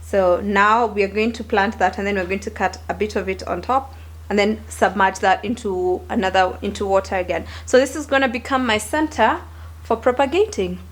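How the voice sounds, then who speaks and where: A woman's voice: mid-range voice, moderate pace. A young woman, chatting casually and expressively to camera in a home vlog. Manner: chatty and expressive, with animated asides. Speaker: lifestyle vlogger.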